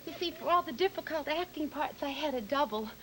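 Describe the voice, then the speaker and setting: An actress playing a flustered young actress who rambles with ums and trails off, in a sketch comedy talk-show bit. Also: female voice, high voice, animated, a little fast, a crowd in the background, rough recording. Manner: hesitant, full of ums and trailing off.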